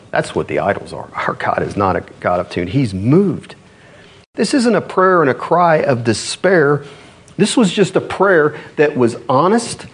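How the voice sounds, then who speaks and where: An earnest male preacher delivering a sermon at a middling pitch. He reads scripture passages aloud and leans on rhetorical questions to draw in his listeners. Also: husky.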